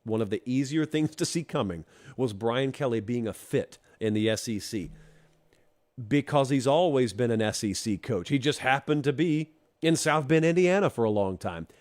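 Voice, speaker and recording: A Georgia man hosts a college football talk show, offering opinionated commentary straight to the fans in a wry, teasing, emphatic manner. His medium-pitched voice is a little mellow, with lively intonation at a moderate pace.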